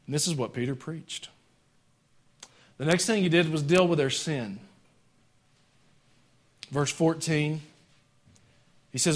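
A high-voiced pastor delivers a conversational sermon in a church sanctuary, speaking slowly and pausing often. He swings between hard, emphatic lines and quiet wry jokes, addressing the congregation like a neighbor.

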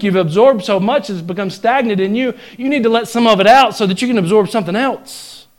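A man with a Southern US accent preaching a folksy, joking sermon in a church, swinging from loud exhortation to hushed asides. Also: sits high. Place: church sanctuary.

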